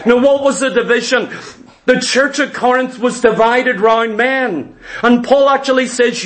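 A man's voice: extremely high pitch, a little slow, fairly bright tone. A man preaching a sermon as pastor, emphatic and conversational, full of rhetorical questions.

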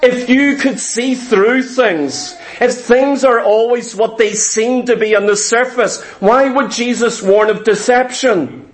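A man preaching a sermon, emphatic and deliberate, repeating phrases for stress. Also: extremely high pitch, low-quality recording. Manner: slow, deliberate delivery.

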